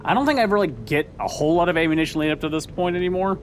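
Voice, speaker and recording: A man's voice: fairly high pitch, very fast, a little hiss or hum. Chatty rambling man playing a game. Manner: chatty, rambling, laughs often, many fillers. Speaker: let's play commentator. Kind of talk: casual gameplay commentary.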